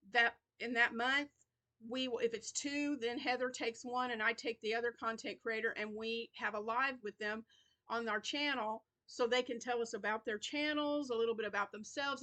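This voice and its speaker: A woman's voice: on the high side, bright, forceful tone. Chatty, tired woman vlogging. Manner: chatty, rambling, yawns and laughs between thoughts. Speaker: crochet channel host. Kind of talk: casual chat.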